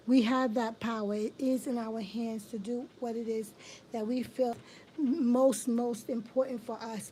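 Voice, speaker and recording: A woman's voice: fairly high pitch, dark tone, slight background noise, low-quality recording. A middle-aged woman hosting a casual livestream tarot reading, affirming and repeating phrases for emphasis.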